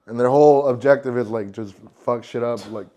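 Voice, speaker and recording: A man's voice: mid-range voice, brisk, mellow, lo-fi sound. A man hosting a casual podcast, talking in slang, swearing and saying "bro" constantly. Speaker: podcast host. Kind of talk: casual chat.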